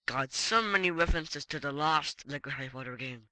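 A man narrating his own gameplay in a casual, excitable way, breaking into exclamations and swearing. His voice is very bright and piercing, and the recording is dry and close. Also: fairly high pitch, brisk, no room sound, low-quality recording. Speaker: let's play gamer.

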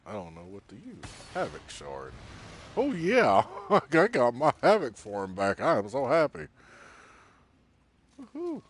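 A man streaming a console game with casual, excitable commentary, often giggling and talking to the creatures on screen. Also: mid-range voice, a little slow, slightly rough.

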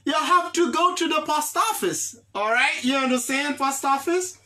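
A woman's voice: high voice, animated, moderate pace, sharp tone. A woman teaching an English lesson, repeating words often and checking that the class understands.

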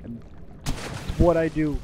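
A young man commentating his own game playthrough, excitable and swearing, shouting at the screen. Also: on the high side, slow, noisy background. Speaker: gaming video host. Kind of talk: let's play commentary.

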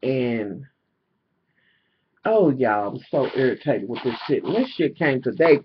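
A man's voice: mid-range voice, very animated, a little slow, long pauses, husky. A man chatting casually to camera in a vlog, swearing freely and venting in an exasperated way with lots of fillers, recorded indoors at home on a camera mic. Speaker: vlogger selling jewelry. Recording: dull lo-fi camera audio.

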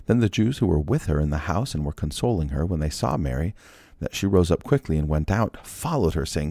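A man's voice: low-pitched, expressive, brisk, creaky, dark tone, dry recording, clean studio sound. A man reading scripture aloud and breaking off for casual, joking asides. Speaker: Bible reader.

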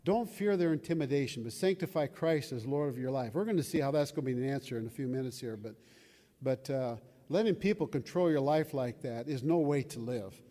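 A man's voice: mid-range voice, fairly quick, mellow. An older man preaching a sermon in a conversational way, often asking his listeners questions. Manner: conversational, asks the audience questions. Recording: long hall reverb.

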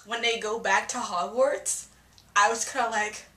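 A young woman giving a casual, profane movie reaction vlog, excitable and acting out her reactions. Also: on the high side, measured pace. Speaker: film reviewer. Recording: echoey room.

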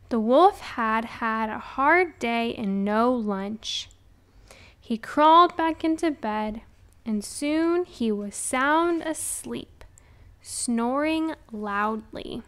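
A woman reads a children's storybook aloud at a slow, deliberate pace. Her voice is a little high and her narration is carefully scripted. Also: expressive, a bit bright, smooth. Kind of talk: scripted read-along narration.

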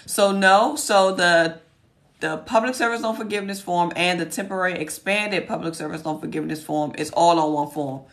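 A woman hosting a casual livestream Q&A. Her voice is hoarse and cracking, and she talks in a folksy, chatty way, muttering to herself as she looks for things. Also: fairly low pitch, moderate pace. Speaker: host answering viewer questions.

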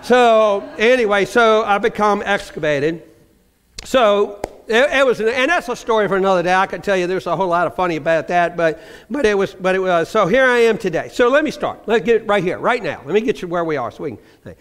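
Older man, storytelling testimony, lively upward voice, reverberant church hall. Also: high-pitched, a little fast, clear, resonant tone. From Virginia. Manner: storytelling with acted-out quotes, humorous. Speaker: church member giving testimony. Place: church sanctuary.

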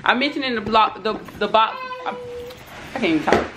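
Young woman vlogger, excitable and chatty, fairly high voice, noisy home recording. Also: brisk. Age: 20s. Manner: excitable, shrieks and laughs, talks to her kids between sentences. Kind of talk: casual unboxing vlog.

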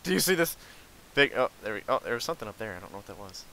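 A man's voice: fairly low pitch, sing-song, rapid-fire, gravelly, bright, forceful tone, poor audio. A young man hosting casual gameplay commentary, teasing his co-player with joking banter. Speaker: channel host.

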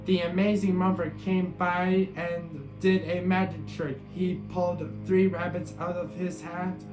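A man reading a picture book aloud in a steady way, with small slips. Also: high voice, measured pace. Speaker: storybook reader. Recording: echoey room with guitar music.

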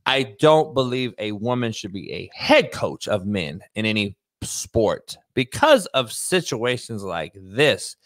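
A man hosting a talk show, ranting in a profane, animated, rambling way. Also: lowish voice, slow pace, hardly any pauses, no echo. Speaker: host. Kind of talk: casual chat.

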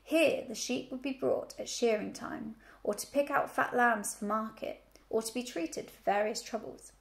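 A woman's voice: fairly high pitch, moderate pace. Woman teacher reading a story aloud. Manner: clear, expressive storytelling. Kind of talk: reading a children's book aloud.

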